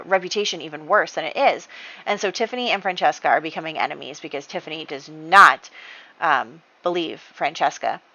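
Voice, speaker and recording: A woman's voice: fairly low pitch, a bit bright, dry recording, dull audio. A woman hosting a life-sim game playthrough, chatting along as she narrates the drama and acts out the characters' lines. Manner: chatty storytelling, acting out characters' dialogue. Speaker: let's-play host.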